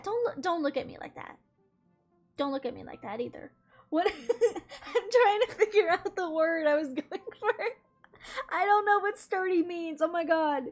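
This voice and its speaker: Giggly high-voiced woman streamer. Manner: giggly, chatty, laughs often. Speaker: game streamer. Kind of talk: casual live-stream chat.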